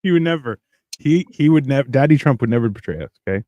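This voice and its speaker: A man's voice: medium pitch, expressive, quick pace, warm tone, dry recording, lo-fi sound. Rambling Canadian man, dry close mic. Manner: rambling, joking, acts out quoted voices. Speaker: podcast co-host. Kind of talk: casual podcast banter.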